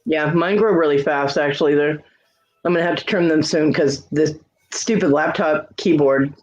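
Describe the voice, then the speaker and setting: A woman's voice: low-pitched, moderate pace, darkish tone, dull audio. A woman hosting a casual livestream chat, joking and laughing often. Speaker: livestream host.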